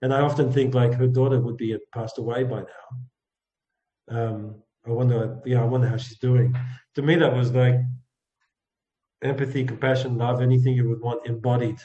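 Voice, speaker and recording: A man's voice: mid-range voice, little pitch movement. Earnest man telling a story over a roomy, dull line. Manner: earnest, halting, often drops to a soft, hushed tone. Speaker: guest, empathy coach. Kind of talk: reflective personal storytelling.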